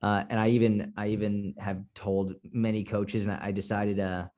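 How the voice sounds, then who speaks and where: A man's voice: lowish voice, flat delivery, normal speed, darkish tone. A man from Boston talking on a podcast as a guest coach, blunt and candid, swearing freely. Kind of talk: casual podcast conversation.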